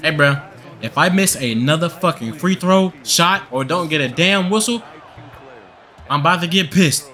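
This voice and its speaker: Profane, ranting bright-voiced young man. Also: on the high side, animated, moderate pace. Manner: profane, frustrated ranting at the game. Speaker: gaming channel host. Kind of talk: gameplay commentary.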